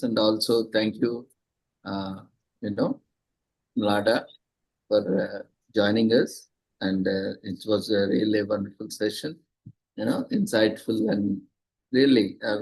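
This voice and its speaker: A man's voice: on the low side, gravelly, darkish tone, husky, no room sound, poor audio. A man moderating an online conference session, speaking with many fillers. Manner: filler-heavy, frequent "uh" and "you know".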